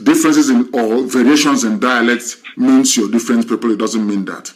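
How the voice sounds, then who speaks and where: Man, host, lecturing, rhetorical questions, mid-pitched voice. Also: normal speed. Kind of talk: lecturing talk on a live stream.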